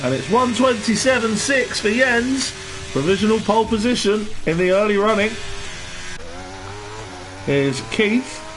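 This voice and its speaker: A man giving relaxed live commentary on an online race and greeting viewers in the chat. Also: high-pitched, measured pace, long pauses, music in the background. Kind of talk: live sim-racing commentary. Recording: noisy stream with engine sound behind.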